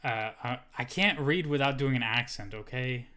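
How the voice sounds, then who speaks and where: A man's voice: medium pitch, normal speed, sharp tone, smooth. A man co-hosting a casual nerd podcast, chatting and reading news with free swearing. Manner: swears freely, playful. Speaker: podcast co-host.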